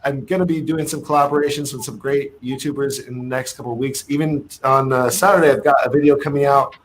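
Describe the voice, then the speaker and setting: A man's voice: mid-range voice, fairly even intonation, fast, a little hiss or hum, low-quality recording. A man who makes travel food videos, easygoing and chatty, plugging his channel on a livestream. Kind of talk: casual channel plug on a livestream.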